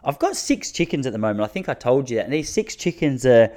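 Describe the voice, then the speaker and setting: A man's voice: mid-range voice, sing-song, quick pace. A man telling rambling stories to his audience from his backyard, often restarting his sentences. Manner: rambling, self-interrupting, drops to a hushed mutter when the neighbour passes. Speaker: vlogger talking to his audience. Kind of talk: casual storytelling monologue.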